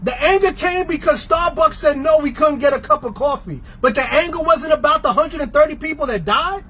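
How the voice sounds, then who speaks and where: High-voiced man, impassioned union rant, sarcastic and relentless, slight background hiss. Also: a little fast, sharp tone, rough recording. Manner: fiery, sarcastic, repetitive rhetorical questions. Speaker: transit union member.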